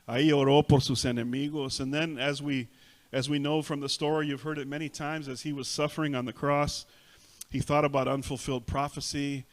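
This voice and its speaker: Bilingual preaching man, fairly high voice. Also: little pitch movement, fairly quick. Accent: Texas Spanish. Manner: repeats each point in Spanish then English, swells loud on emphasis. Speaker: pastor. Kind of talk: bilingual sermon. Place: church sanctuary.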